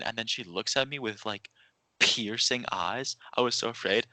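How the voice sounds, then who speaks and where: A man's voice: medium pitch, fast, pushed and bright, dry recording, low-quality recording. A young man hosting a podcast, telling rambling, laughing stories in casual chat. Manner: rambling storyteller with restarts and laughs. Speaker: podcast host.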